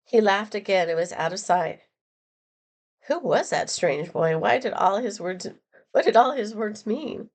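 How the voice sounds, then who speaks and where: A woman's voice: medium pitch, unhurried. Woman reading a novel chapter aloud. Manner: plain, steady reading with self-corrections. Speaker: narrator.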